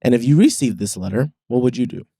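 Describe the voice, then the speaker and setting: Mellow-voiced man telling a story. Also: mid-range voice, animated, fast talker, no echo, studio quality. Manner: storytelling, asks the group questions. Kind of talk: casual chat.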